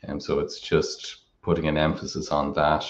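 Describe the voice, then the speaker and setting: A man with an Irish accent explaining grammar in a measured way, working through examples. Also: very deep voice, completely flat delivery, reverberant, highs cut off. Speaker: Irish language teacher. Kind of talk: explaining grammar in a relaxed two-person lesson.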